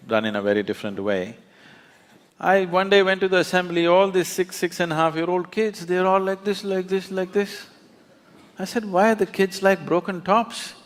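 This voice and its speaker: A man's voice: mid-range voice, a bit bright. A man, a spiritual teacher speaking emphatically onstage, often laughing as he tells stories. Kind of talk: onstage conversation. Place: large auditorium.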